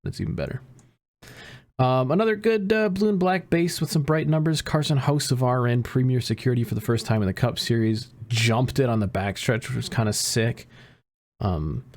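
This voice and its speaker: A man's voice: mid-range voice, moderate pace, a little mellow. Profane ranting man, podcast co-host. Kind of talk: casual podcast chat.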